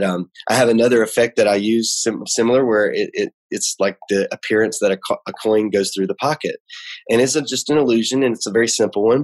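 A man speaking as a guest in a casual conversation, hesitant and full of restarts, explaining things like a teacher. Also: lowish voice. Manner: hesitant, many restarts and fillers. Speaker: magician and guest.

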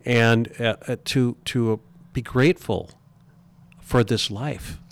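A man's voice: mid-range voice, fairly even intonation, vocal fry. A middle-aged man speaking earnestly as an interview guest, often stumbling and restarting his sentences. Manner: earnest, halting with repeated restarts. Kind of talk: reflective interview talk.

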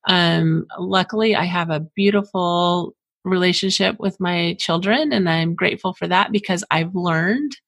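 A woman's voice: lowish voice, measured pace, creaky, a bit bright, no echo. A middle-aged woman hosting an interview, speaking candidly and reflectively about her own parenting. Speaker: host. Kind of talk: interview talk.

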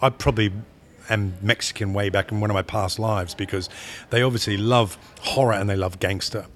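Low-voiced man rambling about his film. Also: steady tone, fairly bright tone, slight background noise. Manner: rambling, halting, repeats words while searching. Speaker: film director. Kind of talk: interview conversation.

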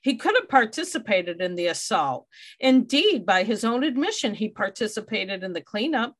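A woman's voice: medium pitch, very animated, normal speed. A woman hosting a true crime podcast, reading out case details and adding wry asides. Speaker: podcast host.

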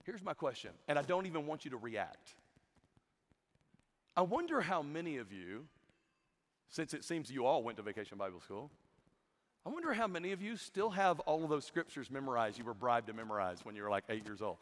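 A young adult man giving a comedic youth sermon, telling stories in an animated way and mimicking the people in them. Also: medium pitch, a little fast. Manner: animated storytelling with mimicked voices. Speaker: youth camp speaker. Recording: long hall reverb.

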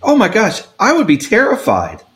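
A man interviewing an author, expressive and quick to react with surprise. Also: high voice.

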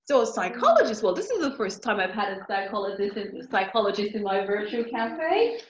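A woman's voice: mid-range voice, very animated, a little fast, a little hiss or hum. A woman hosting a podcast in a casual, chatty way, talking straight to her listeners. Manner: chatty, friendly, talks to listeners directly. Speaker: podcast host. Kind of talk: casual chat. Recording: dull, lo-fi sound.

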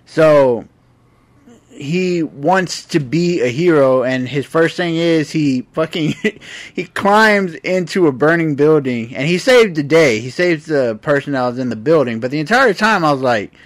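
This man co-hosts a casual podcast and sums up a comic he read in a laid-back, joking way. He chuckles often and swears now and then. His voice sits a bit above the usual male pitch. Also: animated, a little slow. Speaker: podcast co-host. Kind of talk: casual chat.

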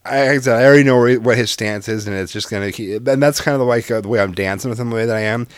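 A man's voice: medium pitch, racing, clean tone, dry recording. A man and father chatting casually as a podcast co-host, rambling through stories with lots of restarts and swearing. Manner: rambling storyteller, swears freely, restarts a lot. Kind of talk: casual chat.

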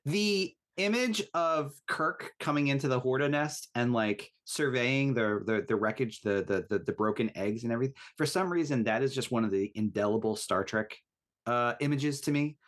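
A man's voice: mid-range voice, normal speed, fairly bright tone. A man co-hosting a casual podcast, talking thoughtfully and enthusiastically as a fan. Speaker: co-host.

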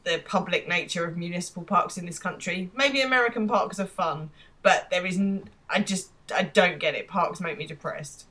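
A woman's voice: lowish voice, moderate pace, sharp tone. An English woman in her thirties, co-hosting a podcast with a wry, dry, complaining way of talking. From England. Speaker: podcast co-host. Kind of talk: casual chat.

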